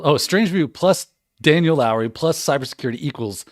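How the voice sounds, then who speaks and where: A man's voice: mid-range voice, lively intonation, fairly quick, few pauses, no echo, clean studio sound. A man hosting a livestream in casual chat, reading out viewer comments, joking and laughing often. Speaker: livestream host.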